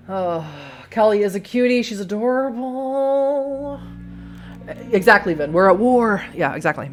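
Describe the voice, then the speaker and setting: A woman in her mid thirties giving casual let's-play commentary, chatty and laughing often, with casual swearing. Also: lowish voice. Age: 30s. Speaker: streamer reading a visual novel aloud.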